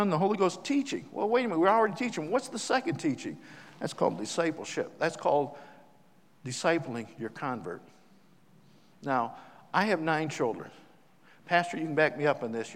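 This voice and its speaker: A middle-aged man preaching a sermon as a visiting missionary, folksy and joking, with sudden emphatic loud rises. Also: a little high. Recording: long church-hall reverb.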